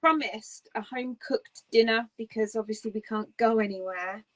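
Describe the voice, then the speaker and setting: A woman from northern England, co-hosting a crafting podcast in casual chat, encouraging and quick to agree. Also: a little high, highs cut off. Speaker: podcast co-host.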